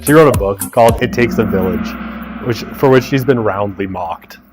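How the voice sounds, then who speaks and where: A man's voice: on the low side, normal speed, over music. A man teaching a university sociology class, reading quiz questions aloud and joking with his students. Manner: joking asides, teasing students. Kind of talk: lecture running a class quiz. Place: lecture classroom.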